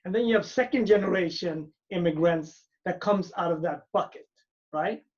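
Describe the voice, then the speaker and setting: A man's voice: high voice, normal speed. A man who grew up in Sweden, explaining points on a virtual panel over a video call and often checking in with "right?". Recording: muffled video call audio.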